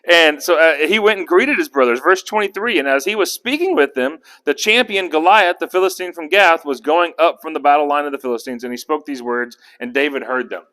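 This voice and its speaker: A man's voice: a little high, fairly quick, hardly any pauses. A man leading a casual Bible study, talking through the passage and asking his group questions. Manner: animated, acts out characters' lines; conversational, asks the group questions.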